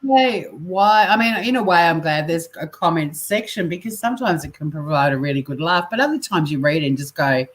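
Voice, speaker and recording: A woman's voice: deep voice, expressive, fairly quick, hardly any pauses, a little hiss or hum. A woman co-hosting a podcast in casual chat, blunt and sweary, ranting with energy. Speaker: podcast co-host.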